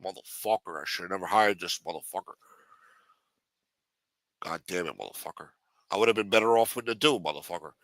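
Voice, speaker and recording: A menacing aging mob boss growls threats and swears at every turn, as a man puts him on. The voice sits low and dark against the speaker's usual tone, with a hard, sharp edge. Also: a little fast, pauses often, dry recording. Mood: cursing. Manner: threatening, profane, snarling.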